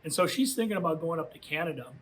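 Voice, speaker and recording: A man giving a youth minister's storytelling talk to high school students, conversational and full of filler phrases. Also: animated, rapid-fire, background noise.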